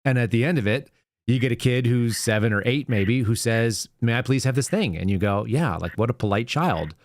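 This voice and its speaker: A man's voice: mid-range voice, animated, a little fast, dry recording, clean studio sound. A man hosting a call-in show, giving earnest advice in casual chat and walking through examples step by step.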